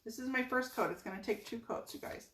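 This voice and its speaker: A chatty woman walks viewers through painting furniture in a relaxed, playful way, repeating each key tip. Her voice sits a little high and rings around an echoey room. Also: quick pace. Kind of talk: casual painting tutorial. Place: home workspace.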